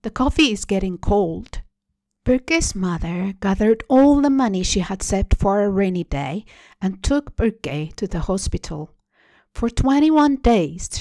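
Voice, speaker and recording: A woman hosting a storytelling show, reading a translated short story aloud in a measured, deliberate way. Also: mid-range voice, expressive, warm tone, no room sound. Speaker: story reader. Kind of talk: literary reading.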